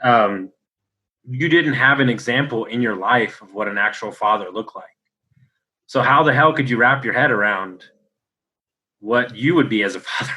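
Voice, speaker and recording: Bright-voiced man hosting a podcast. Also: mid-range voice, moderate pace, long pauses, poor audio. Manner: probing, casual, speaks in rhetorical questions. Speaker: podcast host. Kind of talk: conversational interview.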